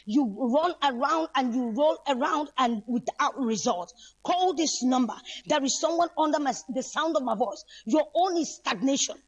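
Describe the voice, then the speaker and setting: A woman's voice: high voice, normal speed, highs cut off. A woman, preaching on the radio and making prophetic declarations to unseen listeners. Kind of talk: preaching broadcast appeal.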